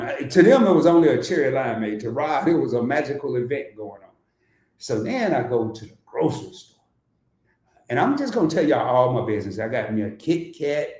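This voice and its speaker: Animated middle-aged man in roomy room. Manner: animated storytelling, pitch jumps way up when excited, chuckles often. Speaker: crypto investing channel host. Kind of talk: casual personal vlog chat. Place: at home in front of his computer.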